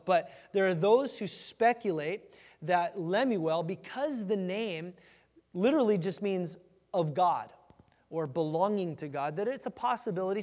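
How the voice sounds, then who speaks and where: High-voiced male preacher in a reverberant hall. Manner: animated, with emphatic scripture reading. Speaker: pastor. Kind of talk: conversational sermon. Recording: long reverb of a large hall.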